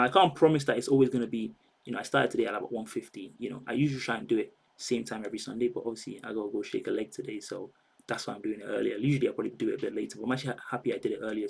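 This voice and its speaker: A man's voice: fairly low pitch, creaky, husky, poor audio. A man hosting a live stream, chatting and rambling straight to his viewers. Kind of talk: casual live-stream chat.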